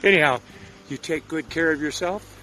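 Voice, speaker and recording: A man's voice: on the high side, moderate pace, music in the background. An older man gives a folksy, joking birthday greeting to an old friend. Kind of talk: casual recorded birthday greeting.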